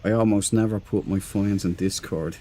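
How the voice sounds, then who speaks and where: Male game streamer, lower register, loose rambling chat with viewers, easy laugher. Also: fairly even intonation, normal speed, dark tone, a little hiss or hum. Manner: rambling, chatty, reads and answers chat; laughs easily. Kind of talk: casual live-stream chat.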